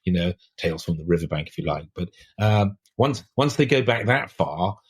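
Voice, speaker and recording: A man's voice: low voice, animated, normal speed, breathy edge. An older man, a writer guest on a podcast, talking in a reflective, discursive way with many restarts. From England. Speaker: author guest.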